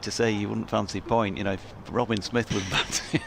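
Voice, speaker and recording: Gravelly low-voiced English cricket commentator. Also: male voice, flat delivery. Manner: enthusiastic, halting restarts. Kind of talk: ball-by-ball commentary and chat. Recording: outdoor booth with clear background noise.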